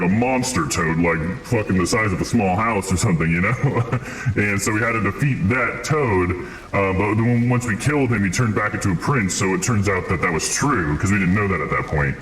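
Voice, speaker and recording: A man's voice: on the low side, fairly bright tone, echoey room, a little hiss or hum, low-quality recording. A man streaming a game live, chatting casually and recapping the story in a rambling way with chuckles. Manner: rambling, chuckling, lots of fillers.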